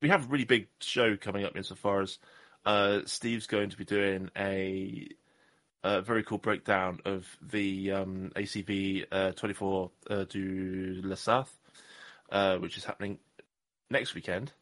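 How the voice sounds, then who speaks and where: Low-voiced rambling man. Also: fairly even intonation, a little slow, a bit bright. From Southwest England. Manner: rambling, self-mocking, trails off and restarts. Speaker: podcast co-host. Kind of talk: casual podcast chat.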